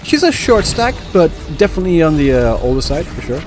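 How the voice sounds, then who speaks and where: A man's voice: on the high side, sing-song, brisk, darkish tone. A man streaming a game live, chatting to viewers in a rambling, self-correcting way. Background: game audio and music.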